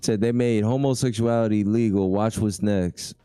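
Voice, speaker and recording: A man with a low, warm and smooth voice hosts a relaxed livestream. He talks in a laid-back way and reads viewer comments aloud, close to the mic in a dry room. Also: moderate pace, no room sound, soft background music. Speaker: livestream host. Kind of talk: casual livestream chat.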